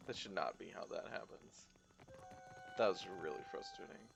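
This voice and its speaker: A man's voice: low-pitched, moderate pace, creaky, noisy background. A male streamer giving casual gameplay commentary, thinking aloud in muttered asides.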